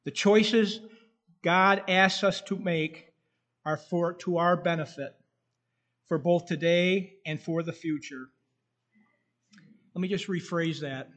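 A male preacher delivering a sermon in a somewhat high voice. He reads scripture slowly and earnestly, and a faint whistle comes from his tooth. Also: fairly even intonation, fairly bright tone. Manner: slow, earnest delivery, reading scripture aloud.

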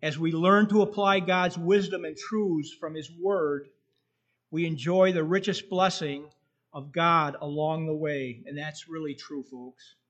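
A man preaching a sermon in a slow, earnest way, reading scripture aloud, with a slight whistle from his tooth. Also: on the high side, fairly even intonation, fairly bright tone, lo-fi sound.

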